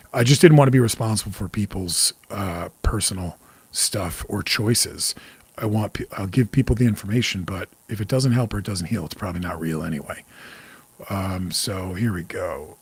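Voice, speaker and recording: Deep and slightly rough, this man speaks at a moderate pace. He's a New York–area psychic medium in his forties hosting a laid-back livestream, talking candidly, swearing freely and welcoming viewers by name.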